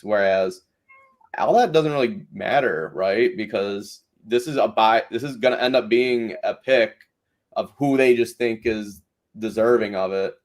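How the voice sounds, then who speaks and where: A man hosting a podcast, recapping a reality show in rambling casual chat full of fillers. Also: lowish voice. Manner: rambling, many fillers and restarts. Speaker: podcast host.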